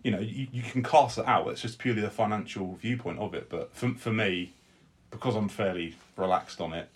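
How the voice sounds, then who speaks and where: A British man co-hosting a podcast, chatting loosely with a friend. His voice sits a little low, and he often stumbles and restarts mid-sentence. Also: fairly quick. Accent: British English. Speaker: podcast co-host. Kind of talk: casual chat.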